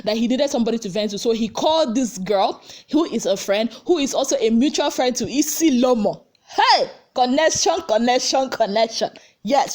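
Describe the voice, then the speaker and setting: A woman with a Nigerian accent tells a gossip story straight to camera in a casual, animated way. Her voice sits at an ordinary middle pitch, and she keeps the tale rolling by speaking directly to her audience. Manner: animated storytelling, addresses viewers as people of God. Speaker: gossip vlogger. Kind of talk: casual chat recapping a reality show reunion.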